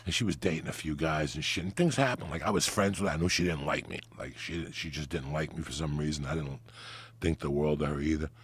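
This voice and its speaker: A man's voice: a bass voice, fast talker, slightly rough. A man, telling a crude, rambling story as a podcast guest. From New Jersey. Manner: crude, rambling anecdotes with vivid asides. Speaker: guest comedian. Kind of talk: profane storytelling.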